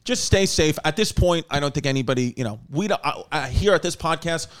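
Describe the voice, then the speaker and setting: A man hosting a podcast, joking loosely and profanely, swinging from loud to quiet. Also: a little high, lively intonation, a little fast, smooth. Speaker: podcast host. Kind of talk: casual podcast banter.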